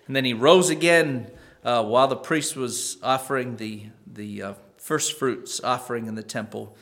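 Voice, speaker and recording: Male pastor, mid-range pitch, conversational sermon delivery that swells on emphasis. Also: moderate pace, fairly bright tone. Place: church.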